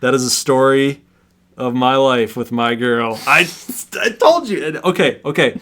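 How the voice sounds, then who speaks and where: A man in his thirties with a voice of middling pitch, chatting loosely as a livestream host. He talks with sarcastic, animated energy and breaks into laughter often. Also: a little slow. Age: 30s. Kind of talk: casual banter.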